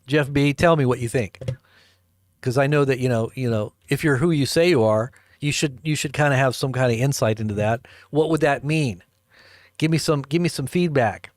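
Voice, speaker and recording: A man's voice: mid-range voice, moderate pace, no echo, clean studio sound. A man hosting a livestream, telling a rambling story and chuckling as he talks to viewers in the chat. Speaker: livestream host. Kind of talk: casual storytelling to a live chat.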